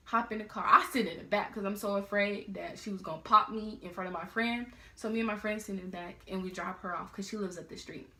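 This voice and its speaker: A teenage girl telling a story in a casual, slangy, animated way. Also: medium pitch, fairly quick. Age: teens. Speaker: vlogger. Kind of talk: storytime vlog. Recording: roomy echo.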